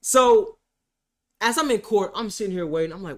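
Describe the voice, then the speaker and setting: A man streamer telling a comedic story about a day in court, animated and profane, swinging between loud outbursts and hushed asides. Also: high-pitched, unhurried, pauses often.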